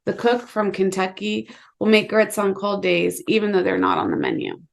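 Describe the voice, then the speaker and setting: A woman author giving a measured, low-key reading of her own short story. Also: huge pitch swings, creaky. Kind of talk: literary reading, second person.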